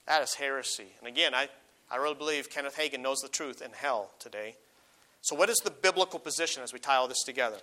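A middle-aged man preaching a sermon as a pastor, earnest, slowing down and rising when he reads scripture aloud. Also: medium pitch, animated, pushed and bright. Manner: earnest, slows and rises on quoted verses.

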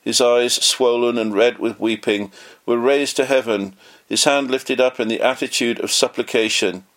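A man reading a memoir aloud in an earnest, measured way, lightly voicing the quoted lines. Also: mid-range voice, fairly even intonation, fairly bright tone. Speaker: audiobook narrator.

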